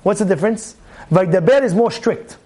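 At a moderate pace, an animated rabbi delivers a sermon on the weekly Torah portion. He drives his points home with repeated phrases and rhetorical questions, alternating booming bursts with low, confiding remarks.

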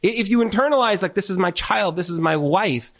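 A man with a fairly high voice speaks into a handheld mic in front of a live audience, giving marriage advice. He is emphatic and repeats his points, and he often throws in rhetorical questions. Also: animated, a little fast, fairly bright tone. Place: event room with an audience.

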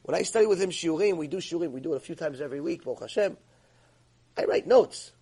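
Husky, high-voiced man giving an emphatic lecture. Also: expressive, fast, warm tone, low-quality recording. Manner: emphatic, scolding, acts out quoted voices. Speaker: Torah teacher. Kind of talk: religious ethics lecture.

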